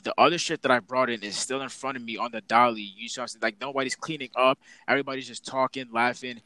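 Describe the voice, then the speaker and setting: A young man on a podcast goes off in a long, exasperated rant, packed with slang and cursing. His voice has a bright, forceful edge, and the sound is close and dry, with no room around it. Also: mid-range voice, fast, no echo, low-quality recording. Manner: animated, exasperated ranting with heavy slang and profanity. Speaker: podcast co-host.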